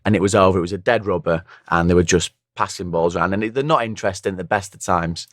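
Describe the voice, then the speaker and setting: A man's voice: deep voice, fast talker, fairly bright tone, dry recording, clean studio sound. A hungover man, a former football commentator, telling rambling anecdotes in a casual podcast chat, with a somewhat nasal voice. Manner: rambling anecdotes, acts out other people's lines.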